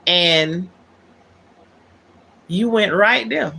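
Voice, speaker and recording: This livestream host's voice is fairly low, extremely slow, creaky, husky, pushed and bright. In her unscripted monologue she talks things through in an aggrieved, emphatic manner and repeats her key words.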